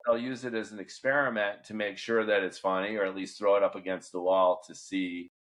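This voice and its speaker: Measured middle-aged male podcast host. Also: fairly low pitch, flat delivery, fairly bright tone. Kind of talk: interview questions and commentary.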